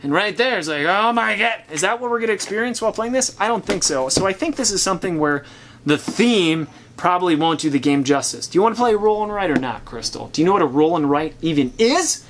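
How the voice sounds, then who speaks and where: Man, host, casual chat, opinionated, thinking out loud, slightly high voice, faint noise behind. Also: animated, fast. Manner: opinionated, chatty, thinking aloud. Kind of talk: casual chat reviewing board games.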